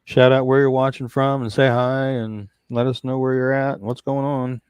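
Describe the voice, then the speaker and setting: A man from Kansas hosting a casual podcast live stream, easygoing and reading out viewer shout-outs. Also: medium pitch, level tone, moderate pace, clear, resonant tone, no echo. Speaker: podcast host.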